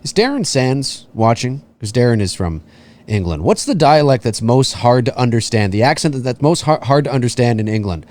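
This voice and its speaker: A man's voice: medium pitch, big pitch swings, moderate pace, darkish tone. A man co-hosting a live film commentary in a laid-back way, chuckling often and reading viewer comments aloud. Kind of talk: live movie commentary chat.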